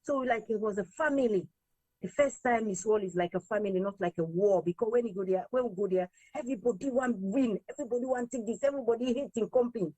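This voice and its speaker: Sierra Leonean woman telling a lively story. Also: fairly high pitch, fast, husky, no room sound, rough recording. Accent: Sierra Leonean, mixing in Krio. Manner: lively, quotes others in raised voices, slips between English and Krio. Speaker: interview guest, singer. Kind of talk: animated storytelling in an interview.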